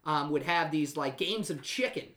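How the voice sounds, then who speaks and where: A man's voice: fairly high pitch, moderate pace, a bit bright. Joking man hosting a podcast. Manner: joking, teasing storyteller. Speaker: podcast host. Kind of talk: casual podcast chat.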